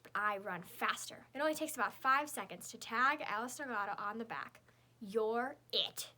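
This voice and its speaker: A woman reads a children's chapter book aloud in the first person, telling it as the young girl herself. Her tone is bright and clear, sitting a little above the usual pitch, and her delivery stays lively and girlish. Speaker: audiobook narrator.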